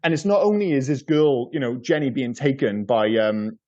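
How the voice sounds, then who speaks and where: Rambling man with a mellow voice. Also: medium pitch, normal speed, muffled recording. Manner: rambling, repeats words, swears casually. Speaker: podcast co-host. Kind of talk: casual film review chat.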